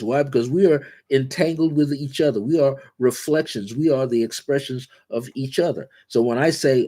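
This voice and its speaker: A man hosting a guided spiritual talk, speaking in repetitive, incantatory affirmations and slowing down on key words. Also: medium pitch, mellow. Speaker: spiritual teacher and show host.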